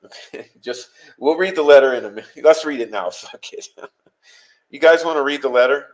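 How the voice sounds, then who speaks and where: A man's voice: mid-range voice, a little fast. A man hosting a live-stream, talking bluntly and heatedly to his chat, swearing often as he vents. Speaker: podcast host.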